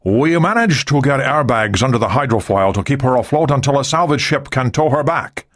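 A man's voice: medium pitch, expressive, brisk, pitched above the performer's own voice, close to an everyday voice. A man doing a furious, blunt navy admiral. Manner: thundering, blunt. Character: angry male naval admiral, commanding.

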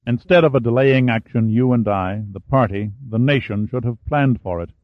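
A man voicing a grave French-Canadian prime minister who speaks calmly and measuredly. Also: medium pitch, no room sound, natural voice. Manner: calm, measured. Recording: phone-like narrow band, dry.

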